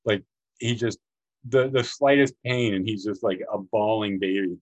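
A man hosting a podcast, talking casually about a film in a rambling, animated way, often acting out lines in a raised voice. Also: on the low side, moderate pace, poor audio. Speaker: podcast host.

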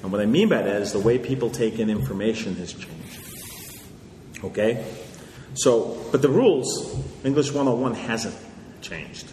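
A man's voice: mid-range voice, very animated, a little slow, mellow. Man lecturing in an echoey hall. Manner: conversational, lecturing, checks in with "okay?". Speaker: author answering audience questions. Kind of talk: live Q&A talk. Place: large hall with audience. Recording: echoey hall, faint noise.

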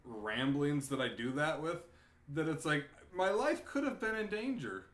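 Bright, rambling young man, short on sleep. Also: a little high, very animated, a little slow, echoey room. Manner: rambling, self-mocking, repeats words. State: sleep-deprived. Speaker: friend on a trip. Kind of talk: casual chat.

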